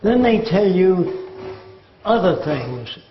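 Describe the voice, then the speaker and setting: A man's voice: high-pitched, sing-song, slow, slight background noise. An older man giving a lecture-style talk, sardonic and mocking as he mimics quotes. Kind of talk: lecture monologue. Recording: echoey room, dull lo-fi sound.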